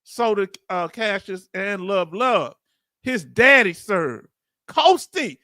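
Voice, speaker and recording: High, bright-voiced man hosting a stream. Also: takes it slowly, dry recording, clean studio sound. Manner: animated and preachy, calls on viewers; casual slangy speech. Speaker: channel host. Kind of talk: livestream commentary talking to chat.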